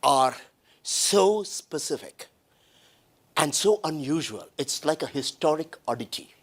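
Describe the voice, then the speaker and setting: A man from India speaking at a breakfast talk, pitched a little higher than most men. He talks bluntly and emphatically, stopping to restart his sentences. It comes across as a lively public talk rather than a script. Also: unhurried.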